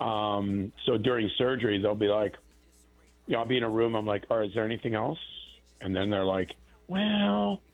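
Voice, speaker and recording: A man's voice: fairly low pitch, steady tone, a little fast, highs cut off. A man, a plastic surgeon, talking casually on a radio-style show and explaining procedures plainly, often restarting his sentences.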